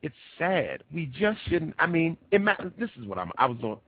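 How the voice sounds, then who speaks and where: A radio host, worn out after a long week, talks with a husky edge and swings widely in pitch as he makes his points. He presses ideas home by repeating them. The sound is tinny and phone-like, with no room echo. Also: normal speed. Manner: lively, emphatic, repeats himself for effect. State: tired. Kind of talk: animated talk at a conference. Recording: tinny phone-like dry recording.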